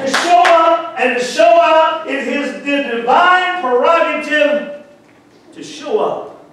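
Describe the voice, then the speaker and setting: Fervent high-pitched male preacher. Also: slow. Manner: fervent, calls out to the congregation, shouts at peaks. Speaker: pastor. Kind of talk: sermon. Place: church sanctuary. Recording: echoey church hall, far from mic.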